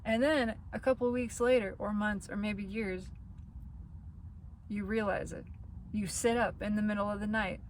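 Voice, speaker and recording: A woman giving an earnest spiritual tarot reading, talking straight to the listener and laughing softly through the painful parts. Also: mid-range voice, steady tone, moderate pace, long pauses, a little hiss or hum. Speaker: tarot reader.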